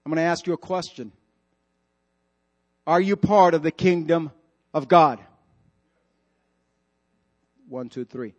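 Emphatic high-voiced male preacher. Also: moderate pace, darkish tone, lo-fi sound. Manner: emphatic preaching with repetition and direct questions to the congregation. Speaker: pastor. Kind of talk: sermon. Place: church.

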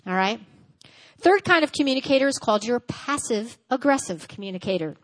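A woman giving a teaching sermon at a church service, lively and conversational, acting out little dialogues and checking in with her listeners. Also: sits high, normal speed. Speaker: church speaker.

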